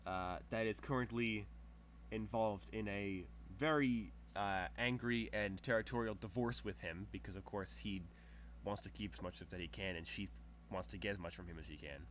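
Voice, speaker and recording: A low-voiced man narrating as game master. He rambles through his scene descriptions with plenty of fillers. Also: moderate pace, fairly bright tone, slight background noise.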